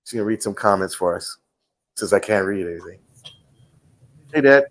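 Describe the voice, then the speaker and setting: A man's voice: deep voice, fairly even intonation, fast talker. A man hosting a casual livestream from home, telling stories with many fillers. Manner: rambling storyteller, many fillers. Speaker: host.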